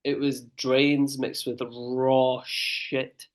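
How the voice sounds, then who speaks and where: A man's voice: mid-range voice, level tone, extremely slow. A man co-hosting a podcast, talking bluntly and graphically in casual chat. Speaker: podcast co-host.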